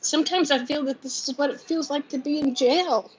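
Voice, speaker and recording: Her voice sits high and she talks briskly, with a little hiss or hum in the lo-fi livestream audio. She's a woman in her fifties hosting from home, chatting in a scattered, emotional, confiding way and laughing through sadness.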